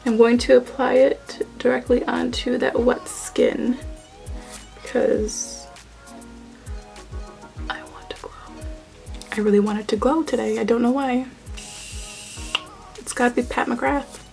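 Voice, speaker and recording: A woman's voice: on the high side, fairly even intonation, unhurried, creaky, darkish tone, soft background music, rough recording. A young woman chatting casually through a makeup tutorial, playful and talking to herself as she works. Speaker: beauty YouTuber.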